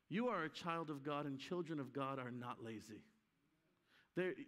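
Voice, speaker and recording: Guy preaching live, high voice, keeps doing the voices of people in the story, big echoey church hall. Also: fairly bright tone. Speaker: guest preacher. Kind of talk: conference sermon. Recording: live hall with long reverb.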